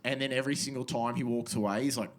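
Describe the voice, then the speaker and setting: A man's voice: medium pitch, fairly even intonation, fast talker, heavy background noise. A young Australian man in his twenties doing a stand-up comedy set on a club stage, casual and slangy, with muttered asides into a handheld mic.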